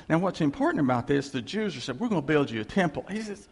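A male pastor preaches with a gravelly, husky voice and a pitch that rises and falls a lot. He talks casually and wryly, often acting out God's words in a relaxed way. His voice carries a long reverb from a large hall. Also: fast talker. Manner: conversational, wry, quotes God in a casual voice. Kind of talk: sermon.

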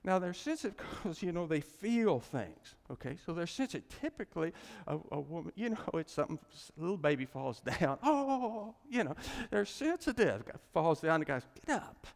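A man teaching a class in a loose, rambling style, laughing at his own asides. His voice is gravelly and lively, rising and falling a lot. The sound carries a long hall reverb. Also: a little high, brisk. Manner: rambling, chuckling, folksy asides.

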